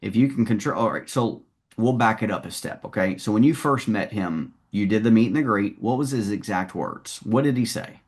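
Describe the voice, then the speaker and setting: A man's voice: fairly low pitch, animated, normal speed, slightly rough. A man coaching a salesperson one-on-one, talking in a confident, direct way.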